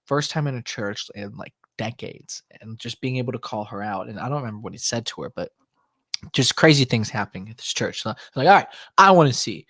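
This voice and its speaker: A man's voice: lowish voice, a little fast, no room sound. A young man telling a story on a casual podcast, acting out the voices of the people in it and leaning on lots of "like" fillers. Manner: animated, acts out voices in quotes, many "like" fillers.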